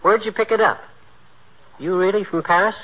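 A man's voice: sits high, steady tone, normal speed. An actor playing a boastful, tight-fisted small-town man in a 1940s radio comedy, brash and blustery. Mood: bragging. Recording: hissy muffled old radio broadcast.

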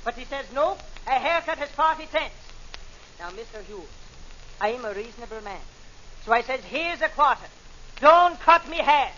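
A man's voice: very high voice, expressive, moderate pace, bright, forceful tone, slight background noise, exaggerated voice. A man voicing a stubborn long-haired crank who hates barbers, in a stage brogue that says "me" for "my", blustering into indignant outbursts in a 1940s radio comedy sketch. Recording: dull lo-fi old radio broadcast.

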